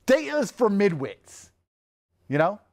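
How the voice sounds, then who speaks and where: Animated high-pitched man, gravelly and mocking. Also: slow pace, no echo, studio quality. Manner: mocking, boastful, slips into sneering mimicry. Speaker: interview guest. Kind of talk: interview clip played in a reaction video.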